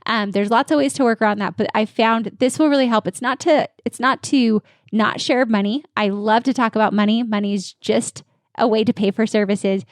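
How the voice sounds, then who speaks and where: A woman dental practice consultant giving energetic, confident coaching answers in an interview. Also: a little high, normal speed, no room sound, studio quality.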